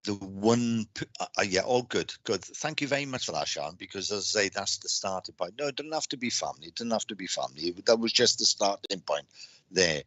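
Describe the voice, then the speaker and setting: A man giving live psychic readings on a stream, speaking haltingly with lots of repeated words and restarts. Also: low voice, sharp tone, no room sound. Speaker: psychic reader.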